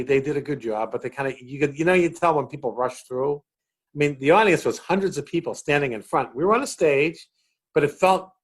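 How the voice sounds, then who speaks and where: A middle-aged man with a Boston accent talks in a slightly high, animated voice, jumping up and down in pitch as he acts out other people's lines. He tells comedy stories in a casual, chatty way. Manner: animated storyteller acting out quotes. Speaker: comedian guest. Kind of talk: casual chat, storytelling.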